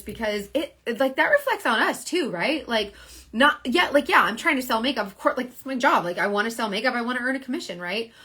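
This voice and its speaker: A woman's voice: medium pitch, pushed and bright, slightly rough. Chatty woman selling makeup live. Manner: rambling, filler-heavy, earnest. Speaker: makeup seller. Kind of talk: casual live stream chat.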